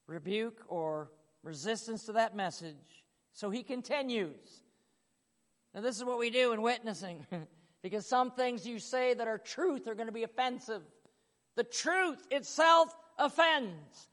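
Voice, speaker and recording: Male preacher, emphatic sermon, high pitch, long church reverb. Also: fairly bright tone. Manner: emphatic, acts out quoted voices, chuckles.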